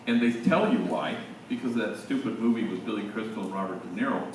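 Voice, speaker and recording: A man in his sixties, a priest, telling stories to a room of teachers in a relaxed, conversational way with slangy asides. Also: fairly low pitch, fast, noisy background. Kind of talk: storytelling talk to teachers. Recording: echoey hall, distant mic.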